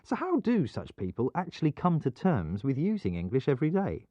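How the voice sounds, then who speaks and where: A man presenting an educational programme, explaining things clearly in scripted narration. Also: on the high side, wildly swooping pitch, brisk, dry recording. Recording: dull, dry studio sound.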